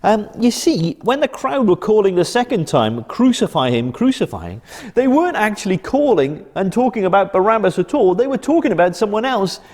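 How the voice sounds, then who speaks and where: Expressive man telling kids a Bible story. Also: sits high, fairly quick, hardly any pauses, big-room sound. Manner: gentle, expressive storytelling to children. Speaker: children's church presenter.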